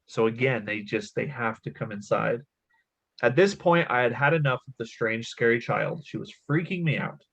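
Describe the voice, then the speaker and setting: A man's voice: medium pitch, moderate pace, vocal fry, fairly bright tone, slightly rough, dull audio. A man in his thirties hosting a casual podcast, reading a creepy story aloud between laughs and swearing. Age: 30s. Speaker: podcast host.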